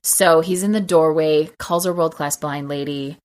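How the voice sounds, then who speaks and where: Low-voiced woman recapping a film. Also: normal speed, a loud crowd. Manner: animated retelling, acting out quotes. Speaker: podcast co-host.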